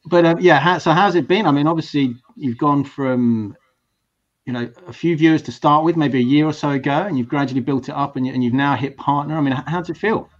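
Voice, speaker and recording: A man's voice: fairly high pitch, quick pace. A man hosting a casual video-call talk show, chatty and hesitant, often restarting his sentences. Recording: dull lo-fi stream audio.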